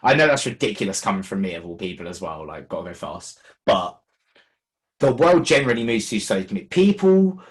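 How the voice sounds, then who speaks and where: Guy on a podcast, wry and chatty, rushes his words and trips over them. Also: lowish voice, sing-song. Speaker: podcast guest. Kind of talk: casual chat.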